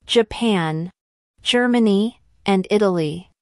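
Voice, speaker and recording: A woman slowly reading civics test questions and answers in a measured, deliberate way. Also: medium pitch, dry recording, clean studio sound. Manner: measured, deliberate delivery with long pauses.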